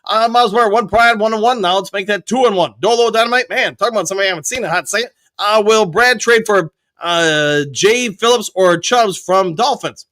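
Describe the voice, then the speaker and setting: High bright-voiced man reading chat. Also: a little fast, no room sound. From Michigan. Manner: reads viewer chat messages aloud and answers them. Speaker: host. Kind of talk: live fan show chat.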